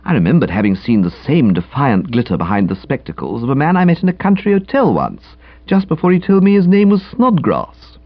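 A man narrates a comic audiobook with a breezy, chatty delivery and hugely animated pitch swings. His voice has a slightly husky edge. The recording is dry and a bit dull in tone. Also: brisk, few pauses, dry recording. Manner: breezy, chatty, highly expressive reading.

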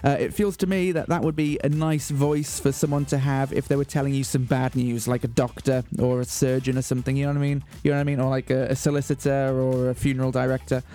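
A fast-talking man with a mellow, mid-range voice hosts a community radio program in a studio, pausing little and keeping his delivery flat. His announcing is mock-grand and earnest, a deadpan comic presentation.

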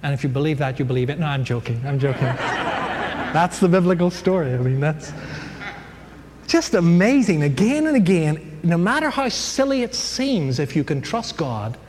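A man's voice: a little high, big pitch swings, normal speed. A man teaching a casual Bible class, telling the story with jokes, sound effects and many fillers. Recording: hall reverb, faint background noise.

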